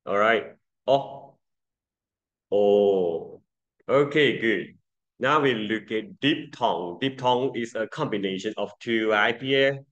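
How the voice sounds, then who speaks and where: Slow-talking male pronunciation teacher. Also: lowish voice, a bit bright, dull audio. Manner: slow, patient drilling, repeating sounds for students. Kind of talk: classroom lesson.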